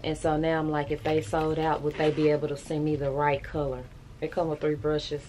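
A woman's voice: deep voice, monotone, a little fast, mellow, slight background noise. A woman, chatting bluntly and casually to her viewers in a vlog, with laughing asides. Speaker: vlogger.

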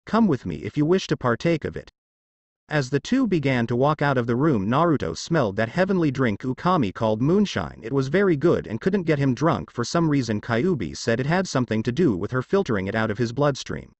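A man's voice: mid-range voice, very animated, brisk, few pauses, no room sound, dull audio. Man reading fan fiction aloud. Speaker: narrator.

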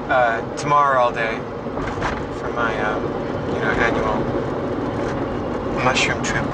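A man of middle pitch keeps a casual video diary, talking in halting bursts full of fillers and restarts, and yelling when he gets worked up. Steady traffic and car noise runs under his voice throughout. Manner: yelling excitedly while chasing birds. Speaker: diarist filming himself. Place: home apartment, then a car.

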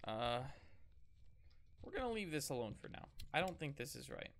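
Excitable male horror-game streamer, bright, gravelly, lively cursing self-talk. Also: a little high, moderate pace. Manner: excitable, swears and laughs, talks to himself. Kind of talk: horror game let's play commentary.

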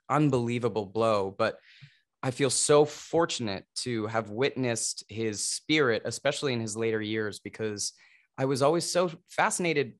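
A man's voice: medium pitch, fairly bright tone. A man in his thirties, a stage actor, recalling memories in an earnest, emotional way over a video call. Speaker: Broadway actor, guest.

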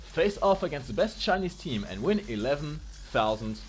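A man's voice: on the high side, big pitch swings, soft background music. A man commenting live on a video game match with playful, joking banter. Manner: playful, jokey, fast banter. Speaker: esports commentator.

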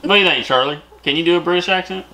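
A man co-hosting a casual reaction video, excitable and full of "like" fillers. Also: racing, poor audio. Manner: excitable, laughs often, fillers like "like" and "low-key". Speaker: co-host of reaction channel.

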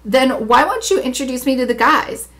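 A woman's voice: high-pitched, expressive, normal speed, a bit bright. A woman reading aloud, voicing a petulant, whiny young actress who pleads and sulks. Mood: sulky.

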